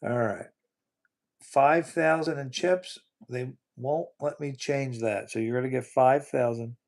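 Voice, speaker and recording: A man's voice: mid-range voice, a little slow, vocal fry, darkish tone. A man hosting a casual livestream, rambling and repeating his words, often breaking into disbelieving exclamations. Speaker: livestream host.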